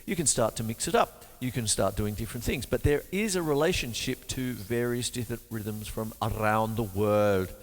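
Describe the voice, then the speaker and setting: A man's voice: fairly low pitch, moderate pace, few pauses, big-room sound. A man teaching drums in a chatty, jokey way, counting beats aloud while he plays. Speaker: drum teacher. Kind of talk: drum lesson with counting aloud. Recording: loud drum kit playing over the voice. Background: drum kit.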